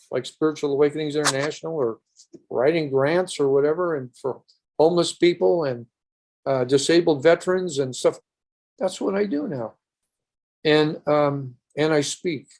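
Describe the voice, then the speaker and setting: A man's voice: a little high, darkish tone. An older man, a podcast guest, recounting a personal story earnestly in a rambling way with restarts.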